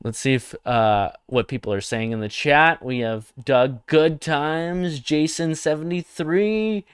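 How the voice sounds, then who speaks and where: A man's voice: a little high, slow pace, smooth, dry recording, studio quality. A young man hosting a satirical comedy livestream, talking provocatively and mockingly and reading comments from chat.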